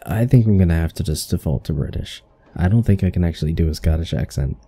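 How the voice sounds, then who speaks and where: Low gravelly guy doing a let's play, casual and joking about himself, dark husky voice. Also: animated, fast talker. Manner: casual, self-deprecating. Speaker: gaming channel host.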